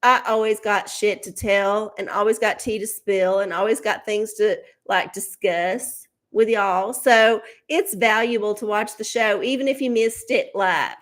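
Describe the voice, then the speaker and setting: A woman's voice: mid-range voice, measured pace, few pauses. A woman hosting a live tarot stream, chatting casually with her viewers, swearing freely and laughing often, from her home setup under studio lights. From Texas.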